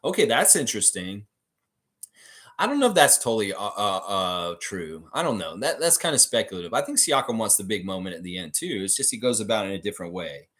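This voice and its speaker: A blunt man hosts a live sports stream and rants about his team. His pitch swings widely as he reads out viewer comments and fires back strong opinions through a desk mic. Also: sing-song, fairly quick, a bit bright. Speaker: host of a fan channel live stream.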